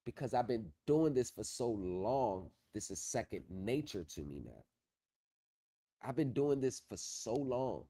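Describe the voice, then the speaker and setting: A man's voice: medium pitch, expressive, a little slow, mellow. A man hosting a casual livestream, talking confidently and repeating himself, trailing off while he works his screen, into a streaming setup mic. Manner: confident, repetitive, drifts off while working the screen. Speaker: livestream host on pro se legal help.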